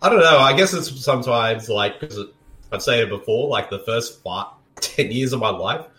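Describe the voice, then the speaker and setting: A man's voice: medium pitch, animated, moderate pace, pushed and bright, roomy sound. A man, cracking jokes and laughing easily while riffing on a movie. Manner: jokey, laughs a lot. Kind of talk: casual movie riffing chat.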